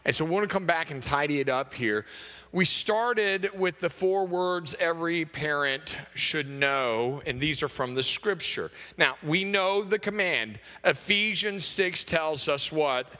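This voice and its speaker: A man's voice: fairly high pitch, animated, unhurried, sharp tone. A man preaching an earnest sermon as pastor, repeating key phrases. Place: church sanctuary. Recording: long reverb of a large hall.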